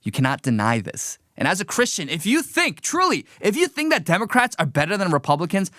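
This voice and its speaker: Male live-stream host, fiery and preachy, high bright voice, dry close sound. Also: wildly swooping pitch, fairly quick, no room sound. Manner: heated, emphatic, preachy, mocking. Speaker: political commentary host. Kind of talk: opinionated live-stream commentary.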